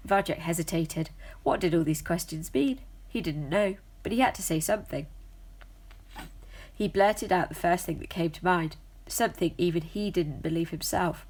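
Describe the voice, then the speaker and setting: A woman reads a storybook aloud in a steady, measured way. Her voice sits low and carries a gravelly, husky grain. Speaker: narrator.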